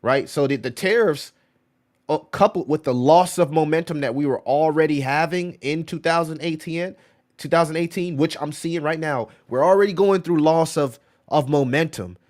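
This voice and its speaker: A man's voice: a little high, normal speed, darkish tone. A man hosting a crypto livestream, rambling casually in slangy speech, often saying "bro" and "right?" while answering viewer chat. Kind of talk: casual live-stream commentary.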